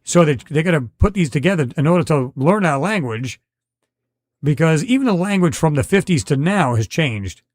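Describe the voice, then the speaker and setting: A middle-aged man with a slightly high voice hosts a live podcast. He rambles casually, restarts sentences and talks straight to his viewers. The sound is close and dry, with no room echo. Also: animated, moderate pace. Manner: rambling, conversational, many restarts and fillers. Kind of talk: casual live-stream chat reading viewer comments.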